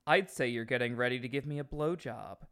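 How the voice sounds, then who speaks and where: Guy reading as a cocky flirty romance hero, deadpan, bright voice. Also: medium pitch, a little fast, clear, resonant tone, natural voice. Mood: smug.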